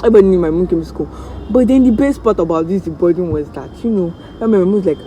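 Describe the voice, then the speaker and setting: A Nigerian woman vlogger telling a story-time tale in an animated, dramatic way, acting out the voices of the people in it. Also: on the low side, fast talker, hardly any pauses, a little hiss or hum, poor audio.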